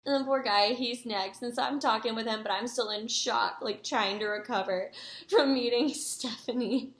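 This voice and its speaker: A young woman vlogger telling a story to the camera in a rambling, excitable way, with many fillers and asides to her viewers. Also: on the high side, normal speed. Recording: echoey room.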